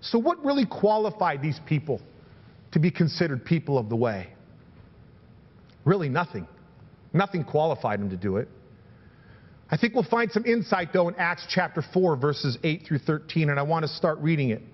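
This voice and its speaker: A man's voice: a little high, sing-song, moderate pace, long pauses, long reverb tail, highs cut off. A man preaching a sermon as pastor, reading scripture aloud and building emphasis with repeated phrases.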